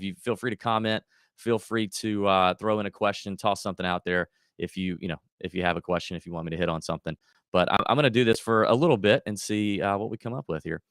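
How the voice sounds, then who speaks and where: A man's voice: on the low side, fairly bright tone, clean tone, no echo, clean studio sound. A man hosting a golf betting livestream, chatting casually and thinking aloud with lots of fillers and restarts. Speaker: golf betting podcast host.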